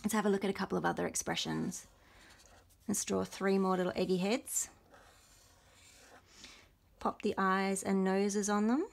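A young adult woman illustrator, gently and encouragingly talking through a drawing lesson for teachers as she sketches. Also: mid-range voice, fairly even intonation, moderate pace, vocal fry, pauses often. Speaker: illustrator leading a workshop.

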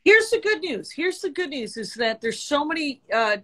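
A woman's voice: high-pitched, very animated, moderate pace, a bit bright. A middle-aged woman comedian hosting a casual podcast chat, rambling and profane. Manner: rambling, profane, laughs easily.

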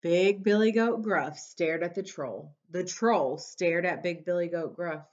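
A woman reads a children's story aloud at a slow, deliberate pace, with expressive storytelling. She stops to ask her young listeners questions, like a teacher. The recording is dull and lo-fi. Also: mid-range voice.

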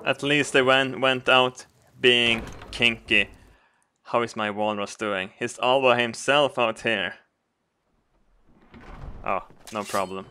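A man giving crude, comedic game commentary, laughing and breaking into excited outbursts. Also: medium pitch, takes it slowly, long pauses, a little hiss or hum. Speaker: gaming commentator.

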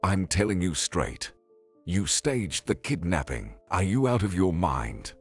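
A bitter ex-husband full of sarcasm, his accusations delivered in a deep, husky voice with a lively rise and fall, as a storyteller reads his lines. Faint music plays underneath. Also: a little slow, exaggerated voice. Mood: sarcastic. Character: angry suspicious ex-husband, adult man.

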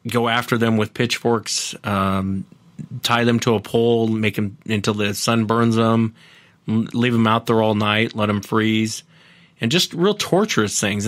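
Low-voiced man retelling stories. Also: a bit bright, dry recording. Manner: earnest, retells others' encounters at length. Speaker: podcast host as guest. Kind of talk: casual storytelling interview.

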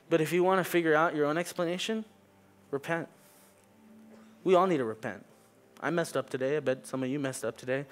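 Casual young male preacher, slightly high. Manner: casual, joking, filler-heavy preaching. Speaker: youth preacher, pastor's kid. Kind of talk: sermon. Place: church sanctuary.

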